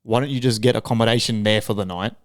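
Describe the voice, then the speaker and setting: An Australian man talking loudly and swearing freely, with jokey banter, as a guest on a podcast. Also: lowish voice, steady tone, fast, dry recording, clean studio sound. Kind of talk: casual podcast chat.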